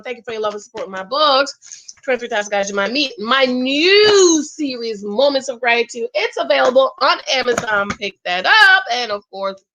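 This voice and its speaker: High bright-voiced woman recapping TV. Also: low-quality recording. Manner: chatty and exclamatory, calls viewers child and honey. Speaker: reality TV recap host. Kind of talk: casual TV recap commentary.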